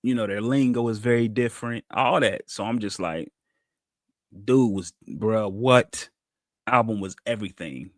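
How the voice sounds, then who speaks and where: Animated man telling stories. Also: lowish voice, a little slow, dry recording, studio quality. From Cincinnati, USA. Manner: animated storytelling, acts out quotes. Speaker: podcast co-host. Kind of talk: casual chat.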